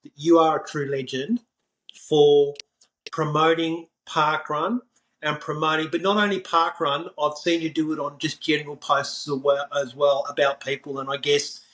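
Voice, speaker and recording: A man hosting a podcast, talking warmly and effusively and heaping praise on his guest. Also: fairly high pitch, little pitch movement, moderate pace, low-quality recording. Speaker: podcast host. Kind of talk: podcast interview chat.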